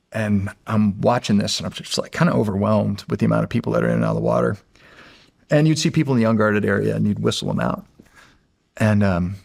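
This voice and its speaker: A middle-aged man from the United States, a former Navy SEAL, telling a story in a casual, halting way with many restarts. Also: fairly low pitch, no echo, clean studio sound. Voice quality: gravelly, husky voice.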